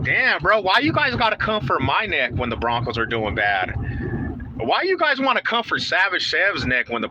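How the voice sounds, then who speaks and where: A man live-streams from his car on his way to work, holding his phone in his hand as he hosts a casual chat as a sports fan. His mid-range voice is bright and forceful, hyped up as he trash-talks and calls everyone bro. The audio has its highs cut off and a little hiss or hum.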